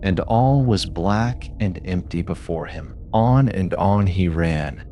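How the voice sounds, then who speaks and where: A man with a fairly low voice reading old ghost stories aloud for sleep. His delivery is measured and unhurried, yet his intonation moves expressively up and down, and a faint hiss sits under the voice. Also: animated, mellow. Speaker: narrator. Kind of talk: storytelling for sleep.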